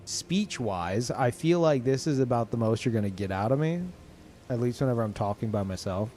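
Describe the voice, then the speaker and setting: A young man streaming games, tired and low on energy, rambling in casual chat with lots of swearing, ums and restarts. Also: expressive, fairly quick, darkish tone, a little hiss or hum. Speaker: game streamer.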